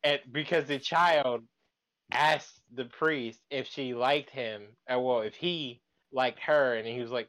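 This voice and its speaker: A man's voice: medium pitch, measured pace, a bit bright. A man co-hosting a podcast in casual chat, talking in a slangy, profane way. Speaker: podcast co-host.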